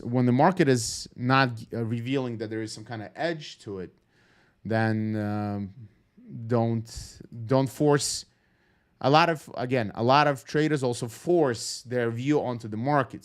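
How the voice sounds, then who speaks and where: A man giving casual, rambling commentary on a live trading stream, calm and low-key, swearing freely and full of fillers and restarts.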